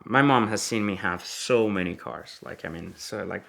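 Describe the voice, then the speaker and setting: A man's voice: lowish voice, normal speed, gravelly, over music. A man who deals exotic cars, telling a story in a casual, chatty way and filling it with "like.". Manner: chatty, heavy use of "like" fillers. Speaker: exotic car dealer.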